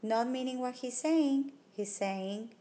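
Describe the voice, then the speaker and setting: In a slow test-prep lesson, a woman teacher with a dark-toned voice on the high side reasons aloud over each answer choice and rules them out one by one. She records on a tablet microphone, with slight background noise.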